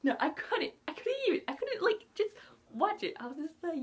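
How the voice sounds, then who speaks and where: A woman chatting casually in a movie review vlog, excitable, gasping and dropping into whispers, with lots of "like" fillers. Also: high voice, fast. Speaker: movie vlogger.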